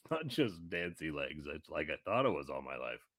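Rambling, animated podcast host. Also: male voice, rumbling low, normal speed, breathy edge. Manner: rambling and jokey, acts out voices in anecdotes. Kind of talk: casual chat.

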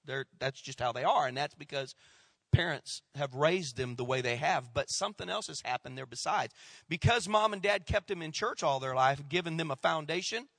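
A middle-aged man preaching a sermon as a lively storyteller, slipping into the voices of the people he quotes and sinking low for the tense parts. His voice is bright and forceful, on the high side for a man. The sound is close and dry. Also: normal speed, no room sound. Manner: animated storyteller, acts out quoted voices, drops to hushed tones. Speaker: pastor.

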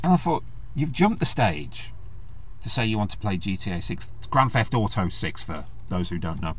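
A man's voice: lowish voice, big pitch swings, moderate pace, breathy edge. A man with a sweary, sarcastic manner, ranting casually in a vlog. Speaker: vlogger. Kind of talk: casual rant.

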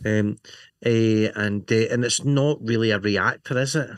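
A man's voice: fairly low pitch, unhurried, no echo, studio quality. A man co-hosting a casual chat, rambling and joking, often asking "right?". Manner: jokey, rambling, lots of "you know" and "right?". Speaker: podcast co-host. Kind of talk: casual chat about motorcycle gear.

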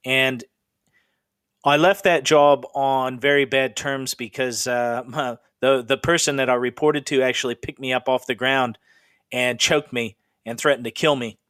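Brief: middle-aged male podcast host, Pacific Northwest native, rambling campfire-style storyteller, mid pitch, dry close sound. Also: steady tone, a little slow, a bit bright, smooth, no room sound. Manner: chatty, rambling, with frequent fillers. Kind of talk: casual ghost storytelling.

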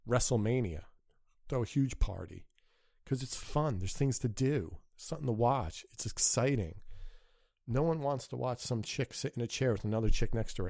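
A man's voice: on the low side, creaky, warm tone, no room sound, studio quality. A man hosting a podcast, delivering a crude, sarcastic solo rant with an exasperated tone. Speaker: podcast host.

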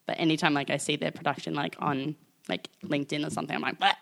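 Podcast co-host: young woman, low voice, lively storyteller who swears. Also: quick pace, gravelly. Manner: animated storytelling, acts out quotes, swears freely. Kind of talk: casual chat.

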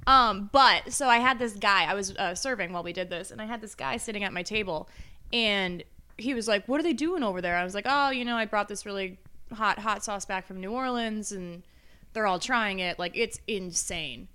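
Bright-voiced woman telling a bar story. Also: medium pitch, moderate pace, clear, resonant tone. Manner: animated storyteller, swears freely, mimics others. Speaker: podcast co-host. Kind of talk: casual chat.

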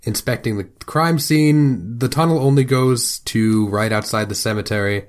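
A man's voice: mid-range voice, moderate pace. A young man co-hosting a podcast, narrating a TV episode's plot in casual chat with wry jokes. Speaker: podcast co-host.

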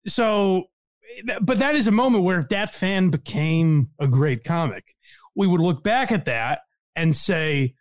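A man co-hosting a casual comedy podcast, talking in an animated way, laughing often and quoting people in voices. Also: high-pitched, a little slow. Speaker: podcast co-host.

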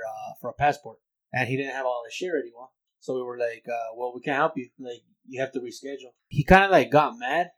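A man's voice: medium pitch, poor audio. A young man co-hosting a podcast, telling a rambling, profane story in casual chat with frequent laughs. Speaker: podcast co-host.

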